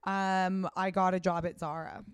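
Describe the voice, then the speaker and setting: A woman in her thirties chats as a guest, rambling through her story with lots of fillers and a casual swear here and there. Her voice is smooth and clear, and the recording is dry and close. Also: on the low side, flat delivery, unhurried, no echo. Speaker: guest, fashion brand founder. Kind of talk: casual interview chat.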